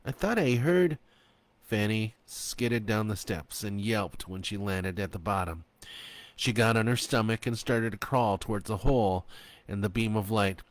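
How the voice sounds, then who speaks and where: A man narrating his own horror story in a slow, expressive reading. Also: on the low side, no echo.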